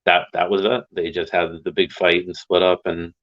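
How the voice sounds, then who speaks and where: A man with a very low voice chats casually on a livestream. He tells rambling, animated stories and laughs often. The sound is a bit dull and lo-fi. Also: normal speed. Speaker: stream host.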